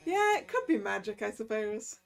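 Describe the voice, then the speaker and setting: A chatty woman streamer musing aloud over a game, often breaking into giggles. Her voice is high and her pace slow and easygoing. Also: vocal fry. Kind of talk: casual game commentary.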